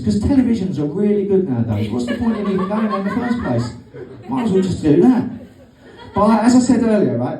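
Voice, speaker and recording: A man's voice: sits high, warm tone. A middle-aged man doing a rambling, sweary, sardonic stand-up comedy set on a club stage. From Britain. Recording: roomy stage sound from a distance.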